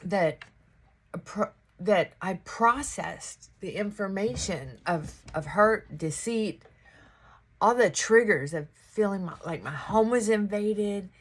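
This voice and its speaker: A woman talks through her morning routine at home in a slow, unhurried way, chatting to the camera as she gets ready. Her voice is a little husky, and she breaks off now and then to speak to her dog. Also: medium pitch, animated. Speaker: vlogger. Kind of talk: casual morning chat while getting ready.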